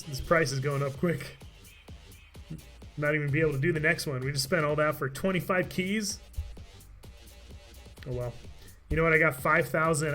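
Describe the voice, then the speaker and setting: A man's voice: on the high side, bright, forceful tone. A man streaming a game live, chatting casually and laughing often, his voice tired from talking all day. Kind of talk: live gameplay commentary.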